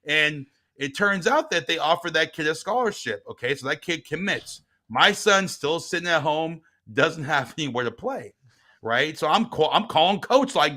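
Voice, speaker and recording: A middle-aged man, a guest and author, telling a personal story in casual talk, swinging from quiet reflection to heated retelling. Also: on the high side, animated, moderate pace.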